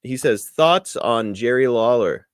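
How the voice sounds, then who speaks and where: A man hosting a podcast in casual chat, upbeat and quick to laugh. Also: medium pitch, lively intonation, clear, resonant tone, no echo. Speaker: podcast host. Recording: dry close podcast mic.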